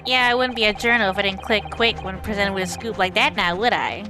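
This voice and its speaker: A woman's voice: medium pitch, brisk, natural voice. A woman voicing a showy, boastful male reporter hungry for scoops, read over game music.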